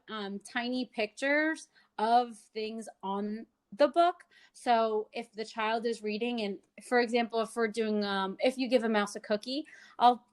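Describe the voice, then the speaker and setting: Animated woman speech therapist, higher voice. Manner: animated, switches into playful sing-song child-talk examples. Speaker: speech-language pathologist guest. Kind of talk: explanatory interview answers.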